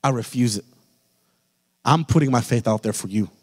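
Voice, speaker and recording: A man's voice: medium pitch, normal speed. Impassioned male pastor in echoing church. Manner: impassioned preaching, addresses the congregation directly. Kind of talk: sermon. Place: church sanctuary. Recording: long reverb of a church hall.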